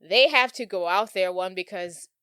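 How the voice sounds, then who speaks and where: A woman's voice: mid-range voice, moderate pace, clean tone, dry recording. Chatty woman retelling a movie plot. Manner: animated storyteller, acts out quotes, lots of "like". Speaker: podcast co-host.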